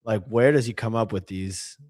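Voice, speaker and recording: Pria pembawa podcast, bicara santai penuh "like". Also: male voice, on the low side, moderate pace, dry recording, clean studio sound. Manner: animated, filler-heavy, reads tweets aloud. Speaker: podcast co-host. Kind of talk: casual chat.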